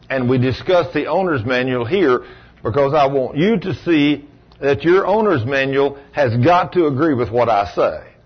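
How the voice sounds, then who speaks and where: A man's voice: medium pitch, breathy edge, muffled recording. A man preaching a folksy sermon as pastor, asking his congregation rhetorical questions.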